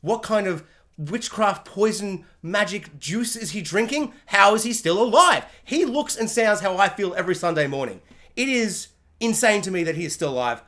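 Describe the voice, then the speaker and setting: A woman with a medium-pitched voice that constantly leaps up and down rattles through a spoiler review. She's casual and animated, joking, ranting and dropping into quick mock voices for the characters.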